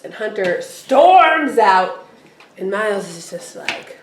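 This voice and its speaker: A woman's voice: medium pitch, slow, echoey room, a little hiss or hum. A woman co-hosting a podcast, casually recapping a TV episode and acting out the characters' lines in put-on voices. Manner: animated, acts out characters' lines in quoted voices. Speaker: podcast co-host.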